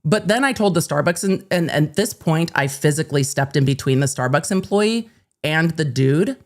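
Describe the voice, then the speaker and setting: A woman with a lowish voice tells a personal story straight to camera. Her pitch swings widely as she acts out each side of the exchange, and she swears without a second thought. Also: normal speed. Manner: animated, blunt, swears freely, acts out both sides of a conversation. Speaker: host and lawyer.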